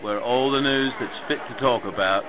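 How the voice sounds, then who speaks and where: A man's voice: medium pitch, moderate pace. A man reads a short promo in a hammy fake British accent. His voice comes through thin and phone-like. A busy crowd murmurs underneath. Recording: tinny phone-line audio over crowd.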